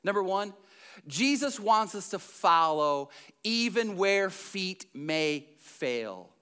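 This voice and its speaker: A high-pitched man with a bright, forceful tone preaches a sermon in a church. His delivery swings between loud emphasis and hushed, slowed passages. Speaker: pastor.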